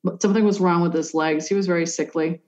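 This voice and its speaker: Lady medium doing a reading, kinda lowish, lots of "like" and stops, muffled audio. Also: steady tone, fast, a little mellow. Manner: hesitant, full of "like" and restarts. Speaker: psychic medium. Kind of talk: conversational reading for a sitter. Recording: dull lo-fi sound.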